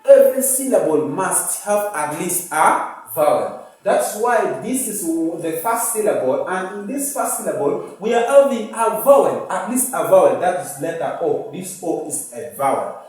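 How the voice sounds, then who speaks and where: A man's voice: sits high, big pitch swings, moderate pace, hardly any pauses, a little mellow. A male teacher with an East African English accent giving a phonics lesson, repeating words and sounding out syllables patiently. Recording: echoey room, mic at a distance.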